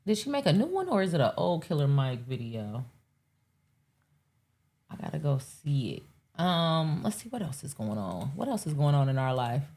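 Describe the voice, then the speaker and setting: Woman host, low voice, casual profane live-stream banter. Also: sing-song, normal speed, dark tone. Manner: rambling, profane, talks to chat.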